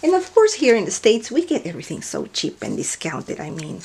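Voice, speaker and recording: A woman in a casual unboxing vlog, gushing and exclaiming over every little item she pulls out. She often sinks into a soft near-whisper between the excited bits. Her voice sits at a middling pitch, with faint paper crinkling behind her. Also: a little fast, vocal fry, slight background noise. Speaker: craft vlogger unboxing mail. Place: indoors at night.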